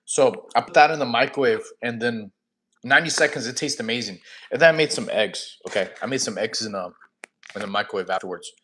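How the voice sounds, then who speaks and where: A brisk, fairly bright mid-range voice comes through an echoey room with slight background noise. The speaker, a man in his thirties, hosts a casual campfire stream, reading chat questions aloud and giving blunt, easygoing fitness advice.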